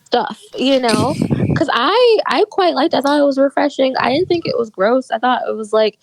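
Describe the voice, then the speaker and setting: An enthusiastic woman co-hosting a casual podcast, with a slightly high voice. She acts out her own reactions as she talks. The recording is dry and close, with no room sound. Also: expressive, normal speed, no echo, rough recording. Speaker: podcast co-host. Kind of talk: casual chat.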